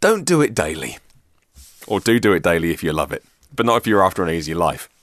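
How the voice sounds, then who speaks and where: A man's voice: low voice, fast, fairly bright tone, dry recording, clean studio sound. A man hosting a solo podcast, reading out listener messages with chatty, self-mocking asides. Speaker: podcast host.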